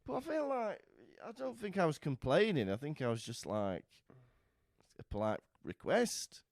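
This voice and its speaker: A man's voice: fairly high pitch, moderate pace, creaky, no room sound, studio quality. A man co-hosting a podcast in casual chat, telling an anecdote animatedly and acting out what others said. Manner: animated storytelling, acting out other people's lines. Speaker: podcast co-host.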